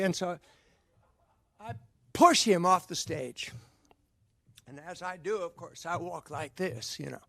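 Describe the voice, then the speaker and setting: A man in his sixties tells a personal story from a theater stage in a fairly high voice. He acts out every exchange and bursts into shouts. The sound is dry and close. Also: measured pace, no room sound. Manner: animated, acts out dialogue with shouts.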